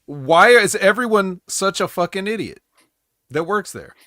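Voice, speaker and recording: Sarcastic higher-voiced ranting man. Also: animated, unhurried, pushed and bright, no room sound, clean studio sound. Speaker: podcast co-host. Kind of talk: casual chat.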